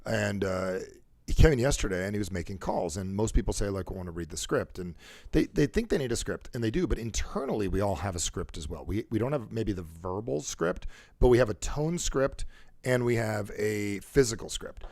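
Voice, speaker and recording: A man's voice: lowish voice, lively intonation, a little fast, vocal fry, a little mellow, dry recording. A man hosting a motivational talk show about sales and conversation, who acts out how people sound on calls. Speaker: show host and sales coach.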